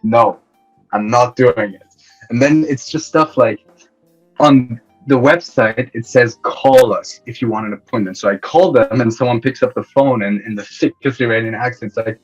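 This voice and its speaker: A young man from Iran, a podcast guest, telling stories from his life in a relaxed way and laughing often. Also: mid-range voice, normal speed, husky, lo-fi sound, soft background music. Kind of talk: casual interview chat.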